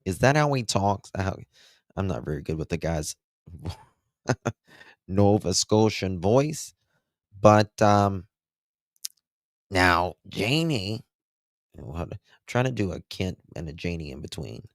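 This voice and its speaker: A man's voice: deep voice, sing-song, measured pace, a little mellow, no room sound, clean studio sound. A man hosting a true crime livestream, chatting with viewers in a casual, emphatic way. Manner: emphatic, chatty, talks to the chat.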